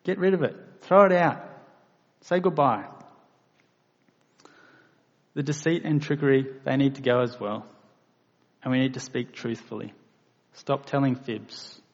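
A man delivers a sermon at an unhurried, measured pace, his voice gravelly with a touch of fry. He rises into emphatic bursts on key points. The recording is dull and lo-fi, with a long reverb tail as if in a large hall. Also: medium pitch. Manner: slow, deliberate preaching with emphatic bursts. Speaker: preacher.

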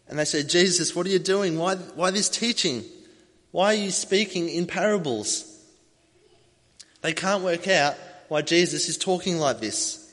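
Man preaching in a reverberant hall. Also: fairly high pitch. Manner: storytelling, animated, acts out voices in the telling. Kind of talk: sermon.

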